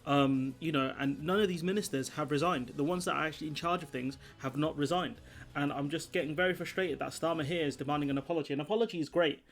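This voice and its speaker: A man's voice: fairly high pitch, fast, gravelly. A man giving rambling, frustrated political commentary, full of fillers and restarts.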